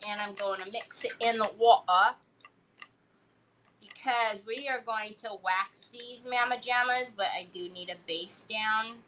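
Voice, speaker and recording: Chatty woman hosting a live craft stream, animated storytelling, bright and a bit high. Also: measured pace, a little hiss or hum, rough recording. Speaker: craft livestream host. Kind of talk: casual chat while crafting live.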